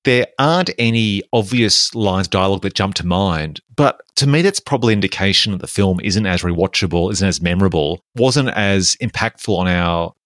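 Deep-voiced man chatting about films. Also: brisk, hardly any pauses, a bit bright, no room sound, clean studio sound. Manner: enthusiastic, talkative, analytical. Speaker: podcast co-host. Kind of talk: casual film discussion.

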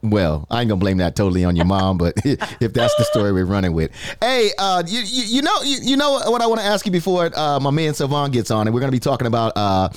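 A man hosting a radio show, chatting casually and playfully, laughing and doing quick impressions. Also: mid-range voice, very animated, dry recording. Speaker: radio host.

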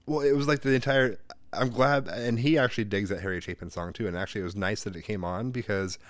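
Lively rambling man with a dry close sound. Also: fast talker, no echo. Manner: rambling, animated storyteller who acts out quotes with a high voice. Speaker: podcast co-host. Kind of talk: casual chat.

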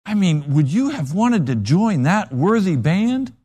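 A man's voice: high voice, big pitch swings, a little slow, warm tone, breathy edge. A man preaching a sermon with dramatic, emphatic storytelling.

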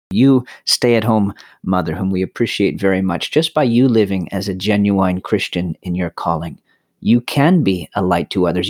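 A man co-hosting a religious podcast, responding thoughtfully in a halting, conversational way. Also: fairly low pitch. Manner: thoughtful, halting, restarts phrases. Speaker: podcast co-host.

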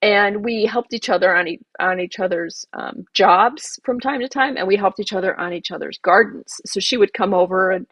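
A woman's voice: mid-range voice, normal speed, few pauses, a bit bright, dry recording. A woman, a garden designer and podcast guest, telling an emotional personal story with many asides.

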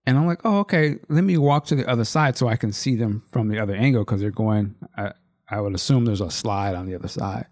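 A man's voice: lowish voice, quick pace, a little mellow. A man in his thirties, a podcast co-host, telling a story in loose, rambling casual chat.

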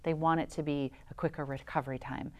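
A woman's voice: sits low, fairly even intonation, quick pace, dull audio. A woman who works as a voice specialist, giving enthusiastic explanations as a guest in an interview.

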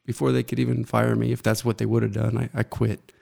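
A middle-aged man telling his own story as an interview guest, earnest and halting, often pausing to reflect. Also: medium pitch, monotone, gravelly, a little mellow.

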